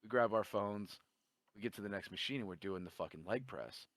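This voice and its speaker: A man's voice: on the low side, brisk, no room sound. A man telling a long story in casual chat, swearing a lot and acting out the dialogue. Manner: profane, animated storytelling with quoted dialogue.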